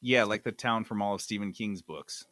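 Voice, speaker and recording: A man co-hosting a podcast, chiming in with quick joking asides. His voice is low yet bright and forceful, and he swoops widely in pitch. The sound is dry and close. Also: no echo. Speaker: podcast co-host. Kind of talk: casual chat.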